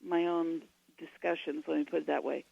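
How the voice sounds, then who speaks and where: A woman's voice: low voice, flat delivery, normal speed, creaky, darkish tone, no echo, dull audio. A woman, a guest author on a radio interview, giving long and digressive explanations.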